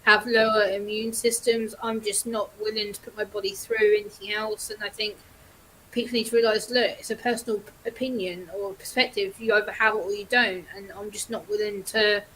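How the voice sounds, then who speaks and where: A woman's voice: mid-range voice, level tone, a little fast, a bit bright, a little hiss or hum, rough recording. A woman talking frankly as a guest on a casual livestream, stating firm opinions and laughing them off. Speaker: stream guest.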